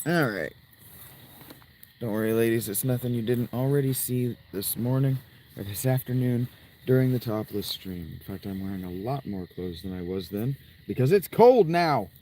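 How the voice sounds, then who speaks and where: A man's voice: mid-range voice, lively intonation, normal speed, mellow, slight background noise, poor audio. A man chatting casually to his livestream viewers from inside a tent outdoors, rambling and making crude jokes. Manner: crude, joking, rambling asides to chat. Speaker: live streamer.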